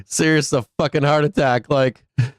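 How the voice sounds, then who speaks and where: A middle-aged man talks casually and bluntly, swearing often with a sarcastic edge, in a voice pitched a little high for a man. The recording is dry and close, with no room sound around him. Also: fairly even intonation, moderate pace, no room sound. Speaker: live trading stream host. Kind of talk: casual live-stream rant.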